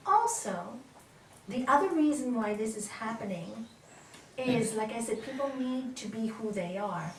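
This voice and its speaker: Animated woman teaching yoga, far off. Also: on the high side, unhurried, slight background noise. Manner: animated, asks questions, laughs often. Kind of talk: spiritual talk to an audience. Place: lecture hall. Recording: roomy hall from far off.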